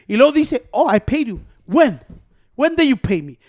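A man co-hosting a podcast, a rambling, animated storyteller who mixes English and Spanish. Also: high voice, fast, dry recording, studio quality. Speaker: podcast co-host. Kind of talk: casual chat, switching between English and Spanish. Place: small room, podcast recording.

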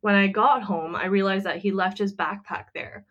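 A woman's voice: medium pitch, steady tone, moderate pace, a bit bright, dull audio. A woman co-hosting a casual podcast, retelling a friend's story in a chatty way with lots of fillers. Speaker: podcast co-host.

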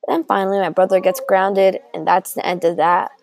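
A woman's voice: mid-range voice, little pitch movement, a little fast, creaky, dry recording, poor audio. A young woman telling a made-up story aloud, rambling with restarts and acting out the dialogue.

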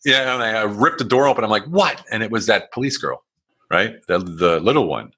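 A man's voice: on the low side, expressive, brisk, bright, forceful tone, slightly rough. A man in his forties, a guest telling his life story in casual, blunt, rambling talk with plenty of swearing and acted-out quotes. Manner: frequent restarts and fillers, acts out quotes.

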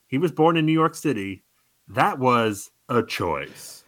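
A man co-hosting a casual podcast, joking and slipping into quick mock voices. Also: mid-range voice, expressive, fairly bright tone, no echo. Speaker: podcast co-host.

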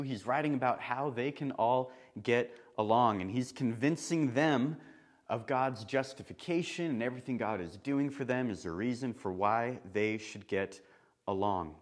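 A man preaching a sermon in church, chatty and lively, with laughing asides. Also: mid-range voice.

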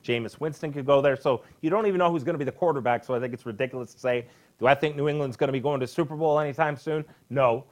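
A man's voice: medium pitch, rapid-fire. A man co-hosting a sports betting podcast, agreeable and prone to stammering on repeated words. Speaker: podcast co-host. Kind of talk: casual sports betting talk.

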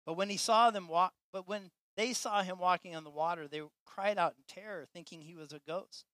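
A man preaching a sermon to his church with passion, swinging between loud, emphatic lines and quiet, hushed ones. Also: high voice, steady tone, fairly quick, no echo. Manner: impassioned, swinging from loud to soft. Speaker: pastor.

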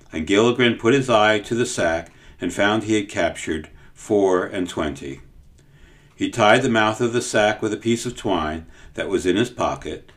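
A man narrating a storybook in a measured, expressive way. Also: low voice. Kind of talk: audiobook storytelling.

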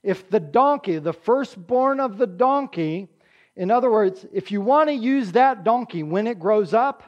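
A man's voice: high voice, lively intonation, unhurried, dull audio. A man preaching a sermon in a conversational, emphatic way, often checking in with his congregation and acting out quotes. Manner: emphatic, acts out quotes with raised voice. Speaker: pastor.

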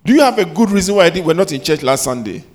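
Animated man quizzing a class. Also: fairly high pitch, rapid-fire. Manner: animated, scolding, rising to loud questions. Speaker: Sunday school teacher.

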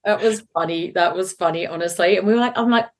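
A woman's voice: fairly low pitch, quick pace. A woman co-hosting a podcast in casual chat, telling stories animatedly and laughing often. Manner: giggly, animated storytelling with frequent laughter. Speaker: podcast co-host.

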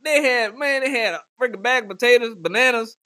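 A man, hosting a casual chat and telling profane, animated stories with mock voices. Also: extremely high pitch, fairly quick.

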